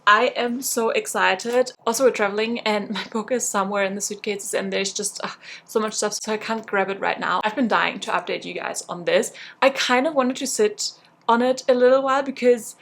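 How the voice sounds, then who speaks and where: A woman's voice: medium pitch, moderate pace, vocal fry, fairly bright tone, reverberant, faint music behind. A young woman vlogging casually about books she read, gushing and chatty with lots of fillers. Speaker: book vlogger. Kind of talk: casual reading vlog chat.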